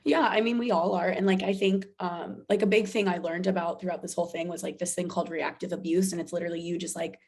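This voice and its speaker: Woman, podcast guest, casual chat, animated storytelling, filler-heavy talk. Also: fairly low pitch, quick pace, creaky, hardly any pauses.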